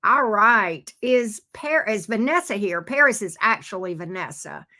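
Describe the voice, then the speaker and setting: A woman's voice: mid-range voice, expressive, measured pace, sharp tone. A woman hosting a live-stream tarot reading, chatty and folksy, talking straight to her viewers. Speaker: tarot reader, stream host.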